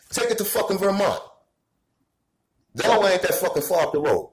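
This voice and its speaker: The poor, reverberant audio captures a man with a high-sitting voice and lively intonation talking fairly quickly. He's a commentator from the Bronx in New York City, with the accent to match, cursing and raging at the camera until he's shouting.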